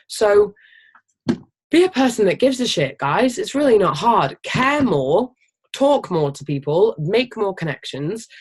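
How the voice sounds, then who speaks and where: Team leader, casual motivational training talk; emphatic, energetic, swears freely, mid-pitched. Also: slightly rough. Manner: animated, energetic. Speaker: team leader of a health business.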